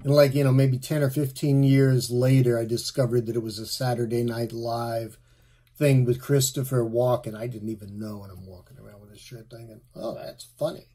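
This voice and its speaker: A middle-aged man, a musician, giving relaxed, rambling tips on playing his instrument. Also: mid-range voice, moderate pace, husky. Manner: relaxed, rambling, with fillers and asides. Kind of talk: casual spoken tip video.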